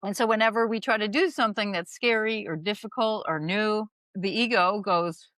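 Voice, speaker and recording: A woman in casual podcast chat, rambling and animated, with a lot of "you know" filling out her thoughts. Her pitch is mid-range for a woman, and the sound is dry and close. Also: moderate pace, dry recording. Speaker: guest comedian and acting teacher.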